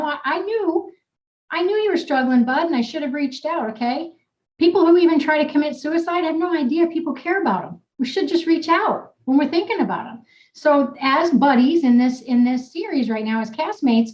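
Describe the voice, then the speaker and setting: A woman's voice: on the high side, darkish tone, reverberant, lo-fi sound. A woman wellness coach leading a group video call in an upbeat, teasing, blunt manner. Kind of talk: casual coaching chat.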